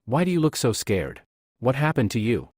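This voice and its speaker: A man's voice: mid-range voice, wildly swooping pitch, normal speed, darkish tone, no echo, clean studio sound. A man reading as a worried young friend. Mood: concerned.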